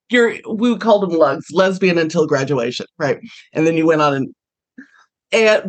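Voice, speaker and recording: A podcast host asking questions and reminiscing in a casual interview. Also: mid-range voice.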